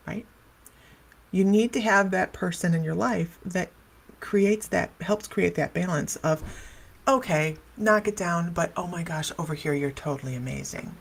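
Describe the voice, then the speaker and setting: A woman's voice: mid-range voice, moderate pace, gravelly. A middle-aged woman hosting a casual livestream chat as a psychic medium, talking in a loose, wandering way and laughing often. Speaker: psychic medium and live show host.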